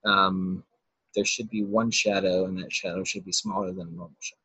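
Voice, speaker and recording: A man's voice: sits low, steady tone, brisk, sharp tone, husky, no room sound, rough recording. A man co-hosting a casual group podcast chat, speaking emphatically and often restarting his sentences.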